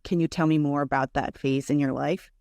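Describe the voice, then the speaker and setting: A podcast host who sums up the guest's story in a measured way before asking a question. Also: mid-range voice, fairly even intonation, vocal fry, a little mellow, no echo. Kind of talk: interview questions.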